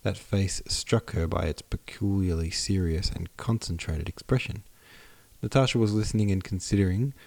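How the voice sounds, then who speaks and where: Low, gravelly male narrator. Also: dry recording. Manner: steady, measured reading. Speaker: audiobook narrator, podcast host. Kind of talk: scripted narration of a classic novel.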